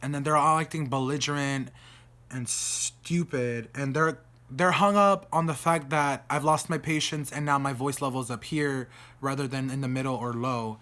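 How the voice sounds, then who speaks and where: A man from Texas with a Texan accent, telling a story in a casual vlog rant, exasperated and animated as he acts out the other people in it. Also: medium pitch, normal speed. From Dallas, Texas. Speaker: vlogger.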